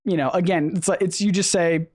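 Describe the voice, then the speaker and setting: A man's voice: sits high, steady tone, fairly quick, darkish tone. A man hosting a casual live stream, talking in a rambling way with many restarts, his voice a little worn. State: losing his voice. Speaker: host.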